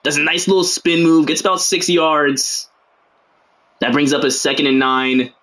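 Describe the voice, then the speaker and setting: A man's voice: fairly high pitch, level tone, moderate pace, fairly bright tone. A young man giving casual, joking play-by-play commentary on a livestreamed game, full of slangy asides and rambling.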